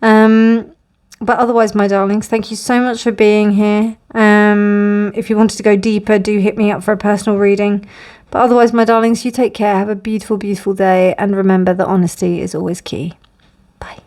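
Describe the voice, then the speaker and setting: A woman's voice: medium pitch, flat delivery, normal speed, darkish tone. A woman giving a pick-a-card tarot reading, chatty and rambling, calling her viewers "my darlings".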